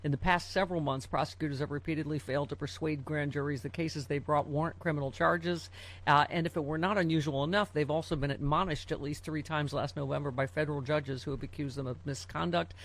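A woman's voice: sits low, fairly even intonation, quick pace. A woman hosting a news talk show, reading headlines aloud and adding sarcastic asides with frequent fillers.

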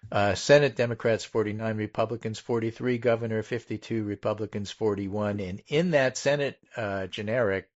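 A man with a lowish voice rattles off poll figures in quick, punchy bursts, stressing the key numbers. The audio sounds dull and lo-fi. He hosts a casual political chat. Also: fairly even intonation. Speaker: political podcast host.

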